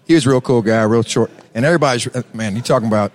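A man's voice: medium pitch, rapid-fire. A man with a Texan accent, telling rambling stories as a musician guest on a casual chat show. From Texas. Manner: laid-back, rambling, laughs often.

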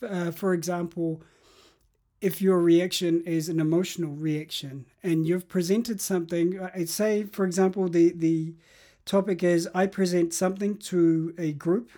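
A man speaks in a somewhat raised but warm, mellow tone as an interview guest. He explains ideas step by step, circling back and restarting phrases as he thinks aloud. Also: a little high. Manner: reflective, explaining with examples and restarts. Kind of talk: interview about habits.

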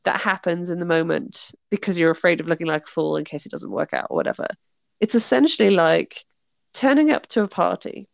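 A woman's voice: lowish voice, creaky, no room sound, lo-fi sound. A British woman, an author hosting a casual chat, talking freely, laughing often and acting out the reactions she describes. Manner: chatty, laughs often, acts out quoted reactions. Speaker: author and podcast host.

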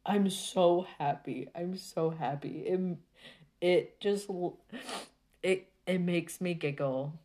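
A woman talking casually to her viewers in a rambling, exasperated rant full of halting restarts. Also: fairly low pitch, warm tone.

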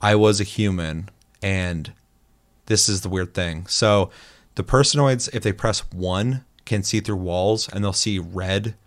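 A man chatting casually about a multiplayer game, telling animated stories and swearing a lot. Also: sits low, a little slow. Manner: animated storytelling, heavy swearing. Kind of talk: casual gaming chat.

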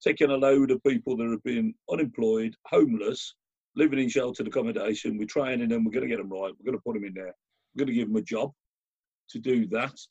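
Gravelly man telling stories. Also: medium pitch, fast. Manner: animated storyteller, many restarts. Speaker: guest. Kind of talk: casual conversational anecdote. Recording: dull lo-fi audio.

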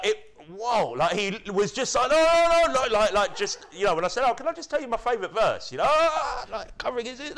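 A British man preaching a sermon, with lively delivery, stammered restarts and mocking impressions. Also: mid-range voice. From United Kingdom.

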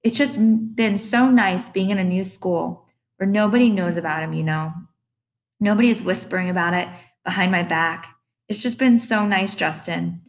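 A woman's voice: mid-range voice, moderate pace, close to an everyday voice, low-quality recording. A woman reading an audiobook voices a teenage girl who sounds defensive and close to tears, her voice raised and strained. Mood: tearful.

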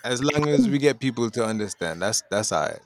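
Man, mid pitch, lively intonation, upbeat casual podcast talk, dry close sound. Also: a little fast, dry recording. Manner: upbeat, easygoing, affirming. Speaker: podcast co-host.

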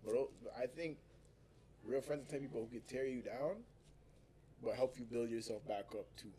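A man's voice: mid-range voice, brisk, dark tone, slight background noise, rough recording. Laid-back young man telling stories. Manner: laid-back slangy storytelling, laughs often. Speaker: podcast co-host. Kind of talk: casual podcast chat. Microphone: studio mic.

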